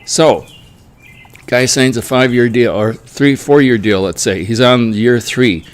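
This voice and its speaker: A man's voice: mid-range voice, a little slow. A middle-aged man giving his casual, opinionated take in a solo monologue. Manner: opinionated, mocks players in whiny quoted voices. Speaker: sports commentary vlogger.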